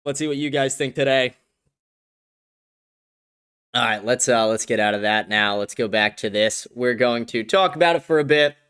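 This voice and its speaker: A man's voice: mid-range voice, normal speed, pauses often, a bit bright, smooth. Brash, joking male livestream host. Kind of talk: casual livestream chat commentary.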